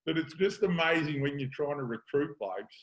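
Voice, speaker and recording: A man's voice: fairly high pitch, moderate pace, poor audio. A middle-aged Australian man, a football coach hosting a show, telling stories in casual chat and acting out the lines he quotes. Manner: yarn-spinning, acts out quoted lines. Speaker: podcast host, football coach.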